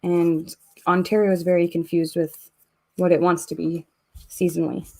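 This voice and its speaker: A woman's voice: lowish voice, little pitch movement, moderate pace, creaky, warm tone. Chatty Canadian woman streaming live. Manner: chatty, reads viewer comments aloud while working. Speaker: host of a live giveaway stream. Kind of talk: casual live-stream chat.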